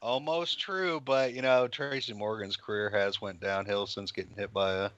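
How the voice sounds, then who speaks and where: A man's voice: fairly low pitch, steady tone, moderate pace, fairly bright tone, smooth, dull audio. A man co-hosting a movie podcast, chatting casually and laughing easily. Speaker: podcast co-host. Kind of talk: casual chat.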